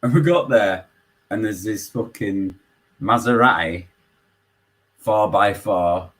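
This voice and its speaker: A man with a Yorkshire accent, calling in and telling a story in casual chat, swearing constantly and animated. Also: on the low side, slow, low-quality recording. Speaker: caller.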